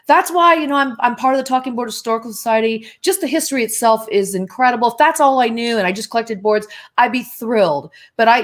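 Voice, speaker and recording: A woman in her sixties, a guest on a live video-call chat, talking chattily and laughing often. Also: on the high side. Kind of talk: casual live-chat interview.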